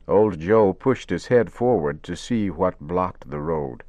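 A man narrating a radio story in measured, simple wording. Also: sits low, lively intonation, a little mellow, dry recording, muffled recording.

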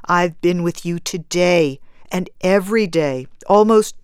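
A woman reading aloud, voicing a patient husband who speaks gently and coaxingly to his grieving wife. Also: fairly low pitch, measured pace, smooth, dry recording, studio quality, lightly acted. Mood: gentle.

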